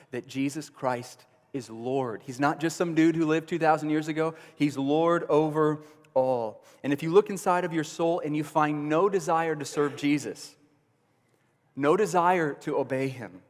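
A pastor preaching an earnest sermon, rising to emphatic bursts and dropping to low, quiet conviction. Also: male voice, long reverb tail.

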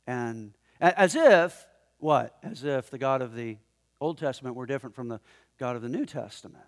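A man preaching a sermon in a conversational, animated way, often chuckling as he talks to the congregation in the room. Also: medium pitch, moderate pace. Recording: long hall reverb.

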